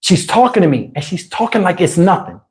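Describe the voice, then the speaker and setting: Animated, profane storytelling man. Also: high-pitched, brisk. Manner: animated, profane, laughing asides. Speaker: streamer telling a story. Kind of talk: casual storytelling. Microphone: wireless lapel mic.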